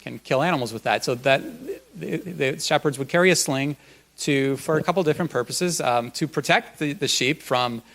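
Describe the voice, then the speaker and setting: A man's voice: medium pitch, moderate pace, creaky, fairly bright tone. A male pastor giving a conversational sermon at a church, folksy and loose, with frequent ums and uhs.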